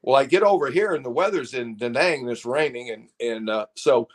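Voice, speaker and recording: Older male guest, rambling storyteller, mid-pitched, easy chuckling delivery. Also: brisk. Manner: rambling, laughs often, restarts. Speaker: guest, former fighter pilot. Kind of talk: casual storytelling.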